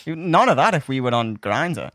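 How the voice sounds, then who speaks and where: Chatty comedian, dry close voice. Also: male voice, mid-range voice, big pitch swings, moderate pace, sharp tone, dry recording. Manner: chatty, joking, swears casually. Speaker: stand-up comedian, podcast guest. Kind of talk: casual podcast chat.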